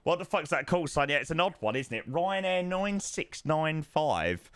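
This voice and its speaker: Excitable guy on a flight sim stream, kinda high voice, keeps saying mate and thanking subs. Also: normal speed, smooth, no echo. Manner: chatty and excitable, thanks subscribers, calls people mate. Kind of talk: live stream chat while flying.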